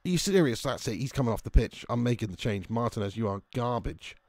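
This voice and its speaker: A young man commentates his own football video game live, shouting at his players and swearing. He keeps stopping to greet viewers from chat by name. His voice sits at an ordinary middle pitch and is recorded dry and close, with little room sound. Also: lively intonation, fast, no echo.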